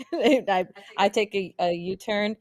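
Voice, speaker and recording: A woman's voice: medium pitch, expressive, a little slow, darkish tone, no echo. A woman playing a tabletop role-play game, playful and bickering in character. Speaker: player.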